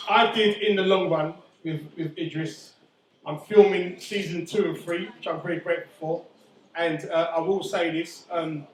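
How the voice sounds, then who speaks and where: A middle-aged man doing stand-up comedy, loud and swearing as he teases the crowd. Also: sits high, distant mic. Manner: loud, swearing, teasing banter. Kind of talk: stand-up comedy with audience banter. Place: indoor comedy venue. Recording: echoey room, voice from afar, faint noise.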